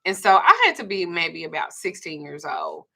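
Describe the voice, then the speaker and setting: A woman from the South, telling a personal story in a blunt, profane, animated way. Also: deep voice, moderate pace. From Southern United States. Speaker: vlogger. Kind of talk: candid storytelling.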